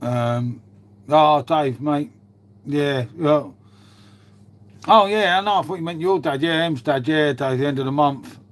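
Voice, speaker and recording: Man, 50s, somewhat high voice, sweary, bantering, casual live-stream chat. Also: unhurried, pauses often. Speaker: livestreamer chatting with viewers.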